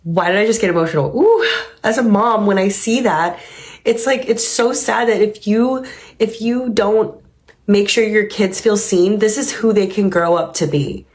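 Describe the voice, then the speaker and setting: A woman's voice: mid-range voice, moderate pace, darkish tone. A woman hosting a reaction video, musing earnestly and reflectively on a clip she has just watched. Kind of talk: reaction commentary.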